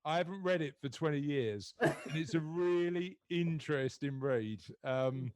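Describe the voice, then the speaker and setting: Friendly podcast host, slightly high voice. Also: male voice, normal speed, a little mellow, clean tone. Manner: friendly, encouraging, frequent restarts. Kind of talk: casual podcast interview.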